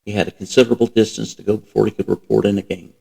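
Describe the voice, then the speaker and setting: Low, gravelly man reading a novel. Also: level tone, rapid-fire, dark tone, rough recording. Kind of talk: audiobook-style reading.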